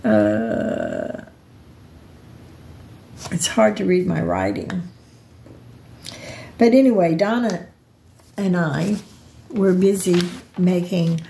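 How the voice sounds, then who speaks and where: A woman's voice: lowish voice, expressive, drawn-out words, gravelly, long pauses, warm tone, a little hiss or hum. An older woman telling personal stories in a rambling, reflective vlog, often restarting her sentences. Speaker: vlogger.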